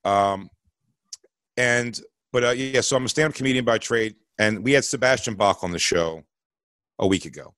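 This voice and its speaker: A man's voice: on the low side, moderate pace, a bit bright, clear, resonant tone, no echo. A man in his forties telling a long comedic story on a podcast, rambling with fillers and restarts. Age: 40s. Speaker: podcast co-host.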